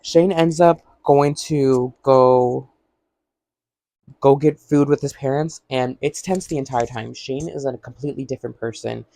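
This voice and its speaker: A man with a gravelly, creaky voice chatting through a TV episode recap for his vlog. He rambles and leans on "like" constantly, slipping into quick impressions of the characters. The sound is dry and close, with no room around it. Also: medium pitch, mellow, no echo. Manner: rambling, heavy use of "like", acts out quotes. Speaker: vlogger.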